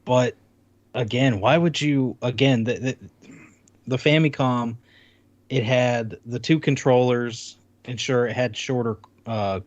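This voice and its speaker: A man's voice: mid-range voice, fairly even intonation, slow, no room sound, lo-fi sound. A man co-hosting a podcast in casual chat, rambling with many restarts. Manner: rambling, full of restarts while showing off a console. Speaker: podcast co-host.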